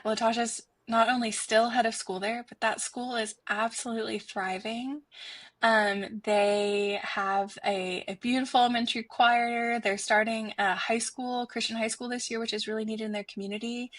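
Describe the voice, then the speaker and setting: A woman's voice: on the high side, fairly even intonation, normal speed, fairly bright tone, dry recording. A woman guest on a podcast interview, speaking in an earnest, heartfelt way with frequent restarts. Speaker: guest, foundation institute director.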